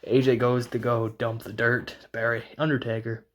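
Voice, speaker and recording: A man talks through a wrestling match in a loose, excited recap. He rambles, restarts sentences and leans on fillers as he tells it. His voice sits at an ordinary middle pitch. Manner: rambling, fast retelling full of "like" and restarts. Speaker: wrestling video reviewer.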